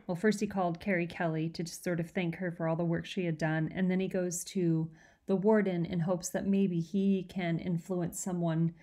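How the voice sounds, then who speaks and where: A woman teacher reading a novel aloud to her students, in a steady, clear storytelling manner. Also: fairly low pitch.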